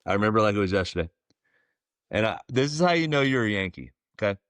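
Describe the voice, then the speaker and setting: Man, low voice, relaxed rambling storyteller, dry studio sound. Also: fast talker, dry recording. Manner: relaxed, rambling, lots of fillers and likes. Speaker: guest, former pro baseball player. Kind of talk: casual storytelling interview.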